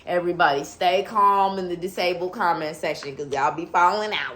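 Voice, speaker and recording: A woman's voice: lowish voice, fairly quick, few pauses, fairly bright tone. A woman talking casually to her viewers in an unboxing vlog, sassy and teasing, often laughing and calling them sweetie. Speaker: YouTuber.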